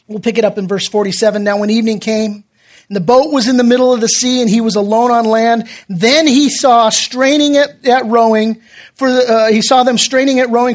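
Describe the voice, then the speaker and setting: A middle-aged man preaching as a pastor, telling personal stories and acting out voices in a casual, lively way. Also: very high-pitched. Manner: personal storytelling, dramatic quoted voices, casual asides. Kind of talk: sermon.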